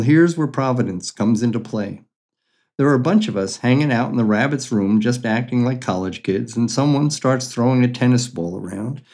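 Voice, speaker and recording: A man's voice: medium pitch, a little mellow, breathy edge. An older man reading his own memoir stories aloud in a dry, matter-of-fact, wry way. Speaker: memoir storyteller.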